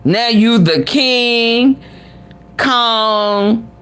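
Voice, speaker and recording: A woman's voice: a little high, drawn-out words, fairly bright tone, smooth. A woman vlogger giving reaction commentary, sassy and exclamatory, talking back at the clip she plays.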